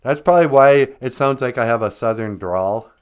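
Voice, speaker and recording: A man's voice: medium pitch, moderate pace, clean tone. A man from Minnesota, hosting a casual live stream, playfully chatting and chuckling as he greets viewers. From north central Minnesota. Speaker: host.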